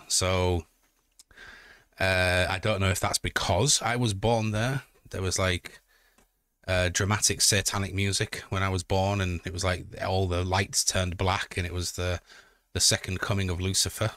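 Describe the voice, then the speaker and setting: A man's voice: low-pitched, a bit bright, no room sound, clean studio sound. A man with a Yorkshire accent, chatting casually on a live stream, joking and swearing as he reads out chat messages. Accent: Yorkshire (Hull). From Yorkshire, England.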